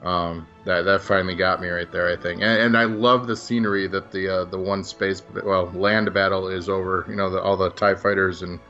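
Man, low voice, casual film chat, chatty and agreeable, muffled lo-fi sound, faint music. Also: fairly even intonation, a little fast, few pauses, sharp tone. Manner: chatty, agreeable, laughs easily. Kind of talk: casual group chat about films.

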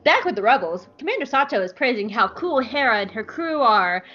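A woman's voice: a little high, very animated, brisk, few pauses, sharp tone, muffled recording, faint music behind. A woman hosting a podcast who recaps an episode in a playful, giggly, casual way. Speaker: podcast host.

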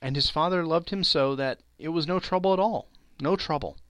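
A man voicing a poor mother in a storybook reading, speaking softly and steadily with a lifted pitch. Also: a little fast, no echo, lightly acted. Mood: gentle.

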